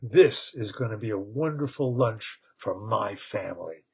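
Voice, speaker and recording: A man voicing a big, brawny caveman father who is hungry and boastful, with a booming, gloating laugh. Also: animated, unhurried, vocal fry, darkish tone, slightly rough, exaggerated voice.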